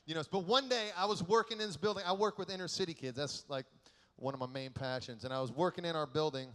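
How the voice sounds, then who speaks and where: Guy giving a youth conference sermon, jokey storyteller, kinda high voice, long hall echo. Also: fast talker. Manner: animated, joking storyteller who acts out quotes. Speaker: keynote speaker. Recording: echoey large hall.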